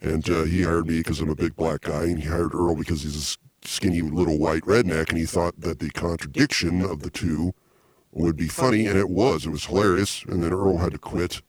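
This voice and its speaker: A man with a very deep, husky voice hosts a comedy podcast. He rambles excitedly and keeps restarting his sentences. The sound is dry and close. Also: no echo. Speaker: podcast host.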